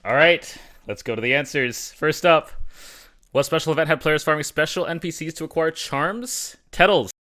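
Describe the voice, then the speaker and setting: Bright-voiced man hosting a quiz. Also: on the high side, normal speed. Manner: teasing, upbeat quizmaster. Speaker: quiz host. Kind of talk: casual podcast chat.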